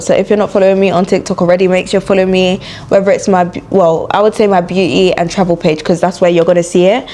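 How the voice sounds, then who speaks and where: A woman's voice: on the low side, dark tone. Chatty young London woman doing her makeup. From London, England. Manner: chatty and frank, full of "like" and "you know" fillers. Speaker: beauty and travel vlogger. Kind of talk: get-ready-with-me casual chat. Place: indoors while travelling.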